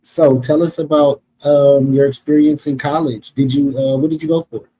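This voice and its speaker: A man hosting a podcast, asking questions in a relaxed, easygoing way. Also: a little high, moderate pace, slightly rough, poor audio. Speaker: podcast host. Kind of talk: casual interview chat.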